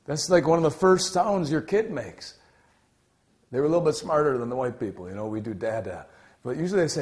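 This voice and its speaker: A young adult man delivering a sermon with lively, shifting energy. He bursts out loudly on key points, then drops to a hushed, almost whispered tone. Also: fairly high pitch, fast talker. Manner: animated, swings from loud exclaiming to quiet near-whisper. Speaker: preacher.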